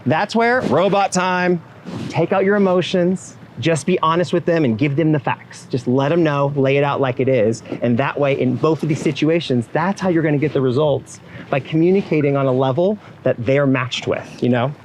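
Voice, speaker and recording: A man's voice: on the high side, normal speed, slight background noise, rough recording. A man giving a motivational keynote speech to event professionals. He talks straight to the audience with frequent asides and acts out the voices he quotes. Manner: animated, acts out quoted inner voices and clients.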